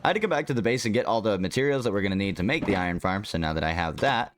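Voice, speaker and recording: A man's voice: on the low side, lively intonation, noisy background. A young man who makes game videos, talking casually over his gameplay and getting exasperated when things go wrong. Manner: chatty, quickly exasperated at the game. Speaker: Minecraft creator. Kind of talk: gameplay commentary. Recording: faint music behind the voice.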